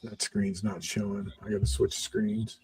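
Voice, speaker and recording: A man's voice: lowish voice, little pitch movement, measured pace, a little mellow, a little hiss or hum. Casual joking male podcast host. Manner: loose and jokey, trails off while reading. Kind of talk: casual chat.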